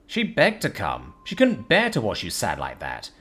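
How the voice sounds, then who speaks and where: A man's voice: on the low side, huge pitch swings, moderate pace, a bit bright, slightly rough, faint music behind, heavily acted. A man doing a cocky, breezy human adventurer. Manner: breezy, swaggering, teasing.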